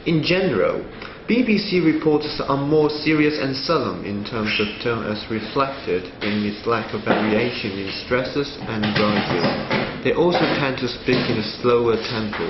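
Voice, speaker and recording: A man's voice: mid-range voice, very noisy. Man reading a prepared analysis. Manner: reads a prepared analysis in a measured way. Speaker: student presenter. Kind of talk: scripted narration. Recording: roomy, slightly dull sound with faint ambience.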